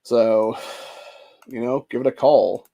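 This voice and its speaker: A man's voice: medium pitch, takes it slowly, vocal fry, warm tone, dull audio. A man in his forties venting in a rambling, profane monologue, emotional and stressed out. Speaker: vlogger.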